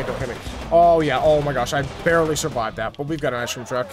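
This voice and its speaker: A young man giving goofy, excitable commentary over his own video game playthrough, joking with his viewers. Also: medium pitch, very fast. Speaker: gaming YouTuber. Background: game music and sirens.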